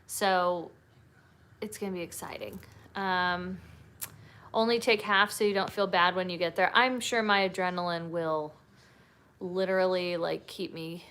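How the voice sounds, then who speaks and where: A woman's voice: medium pitch, fairly bright tone. A young woman, hosting a casual livestream chat and reading viewer comments aloud with plenty of "like" and "um" fillers. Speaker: livestream host.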